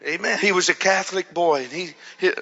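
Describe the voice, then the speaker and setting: Male pastor, storytelling sermon, bright, slightly high, long hall reverb, muffled sound. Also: brisk, gravelly, breathy edge. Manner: animated storytelling, swings from hushed to loud.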